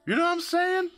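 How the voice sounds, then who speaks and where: Animated, bright-voiced man venting on a livestream. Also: very high voice. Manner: profane, animated and emphatic. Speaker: livestream host. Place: room full of his gear.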